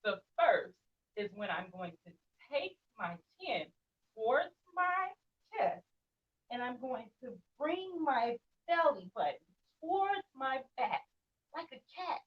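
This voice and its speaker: A woman's voice: fairly high pitch, sing-song, slow pace. A young woman leading a children's yoga class, playful and encouraging, with sing-song prompts. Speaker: kids yoga teacher. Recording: muffled sound, distant from the mic.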